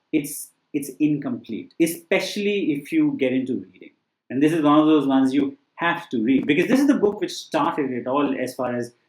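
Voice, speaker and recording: In an echoey room, a test-prep teacher offers laid-back book recommendations. His voice sits in the mid range with a darkish quality, and he talks loosely, often restarting and leaning on fillers.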